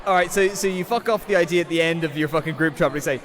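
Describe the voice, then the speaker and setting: A man's voice: a little high, racing, few pauses, fairly bright tone. A young Irish man co-hosting a podcast, swearing freely and teasing in banter. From Ireland. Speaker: podcast co-host. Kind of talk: casual chat.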